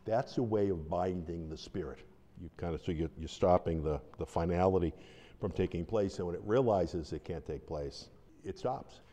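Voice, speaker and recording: Deep-voiced man teaching in an echoing hall. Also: moderate pace, warm tone. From Buffalo, New York. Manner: rambling storyteller, acts out quotes with laughs. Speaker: deliverance ministry teacher. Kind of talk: informal teaching talk. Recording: long hall reverb.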